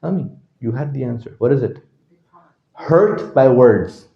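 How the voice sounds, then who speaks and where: A man teaching a class, constantly asking his listeners questions and checking that they understand, his voice jumping from loud to quiet. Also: medium pitch, a little slow, creaky, dull audio. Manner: animated, swings from loud to quiet. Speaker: religious teacher. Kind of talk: interactive lecture to a class.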